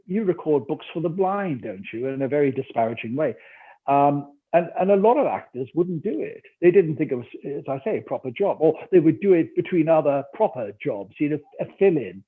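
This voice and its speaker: On tinny call audio, a fairly high, breathy-edged male voice moves at a fairly quick, animated clip. He's an older Geordie from Newcastle, England, an actor and audiobook narrator recounting a story in a remote interview, voicing quotes and laughing often.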